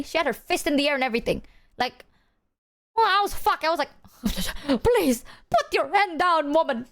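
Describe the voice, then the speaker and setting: A young adult woman streamer chatting casually, animated and slangy, swearing and laughing as she talks to her chat. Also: high-pitched. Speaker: livestreamer.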